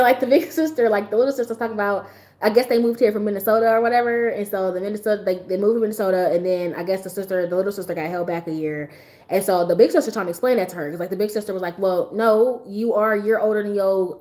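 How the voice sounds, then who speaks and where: A woman's voice: medium pitch, rapid-fire, dark tone. A woman hosting a casual livestream, laughing often as she tells stories and answers her chat. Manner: laughs often, talks straight to chat, storytelling. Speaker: livestream host.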